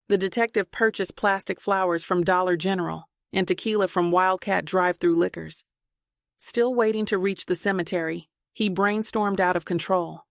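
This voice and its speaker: A woman with a gravelly, creaky voice reads a suspense thriller in a steady, measured way. The sound is dry and close, with no room around it. Her pitch sits in the middle for a woman. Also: no room sound. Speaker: audiobook narrator. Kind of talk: scripted thriller narration.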